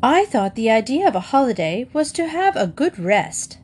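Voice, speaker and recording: A woman's voice: on the high side, very animated, normal speed, a little mellow, a little hiss or hum, pitched above the performer's own voice. A woman doing a flustered older housekeeper. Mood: weary. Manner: exclaiming, flustered. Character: fussy older female housekeeper, easily flustered.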